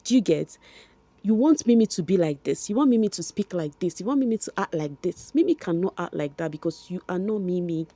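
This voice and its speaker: A woman's voice: on the low side, expressive, a little fast, warm tone, no room sound. A young woman with a Nigerian accent, chatting directly to her viewers in a casual gossip commentary, repeating points for emphasis. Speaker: vlogger.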